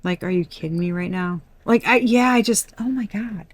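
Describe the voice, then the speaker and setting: A woman's voice: medium pitch, normal speed, no room sound. A woman giving a casual collective tarot reading, talking bluntly with exasperated asides and frequent swearing. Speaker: tarot reader.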